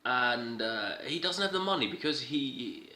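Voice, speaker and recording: A man's voice: mid-range voice, lively intonation, unhurried, sharp tone. Rambling, irreverent man in a roomy room. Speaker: video host recapping a TV episode. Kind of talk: casual recap. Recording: roomy echo.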